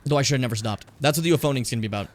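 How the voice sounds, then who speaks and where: A man streaming a game, chatting and rambling in a casual, animated way between game lines. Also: medium pitch, very fast. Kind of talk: casual gameplay commentary.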